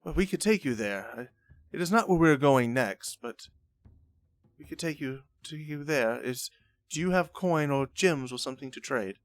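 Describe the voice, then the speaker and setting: A man's voice: on the high side, animated, moderate pace, dry recording, close to an everyday voice. A man voicing a guarded female caravan traveler who speaks hesitantly and evasively in a tabletop game.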